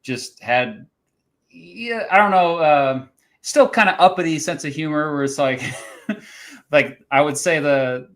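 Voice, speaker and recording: A man's voice: on the high side, takes it slowly, a bit bright. A man hosting a casual livestream chat, talking in a chatty, hesitant way and laughing often. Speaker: host.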